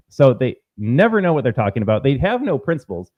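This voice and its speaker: A man's voice: medium pitch, very animated, quick pace, hardly any pauses. A man hosting a political commentary show, talking in a combative, sarcastic way and mocking opponents with put-on quotes. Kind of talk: opinion commentary. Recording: phone-like narrow sound.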